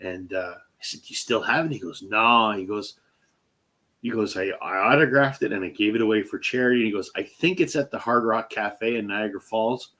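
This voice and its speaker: A man hosting a casual chat, retelling a story in an animated way and acting out what people said. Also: on the low side, fairly quick. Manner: animated retelling, acts out quoted speech; fillers and restarts. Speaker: host.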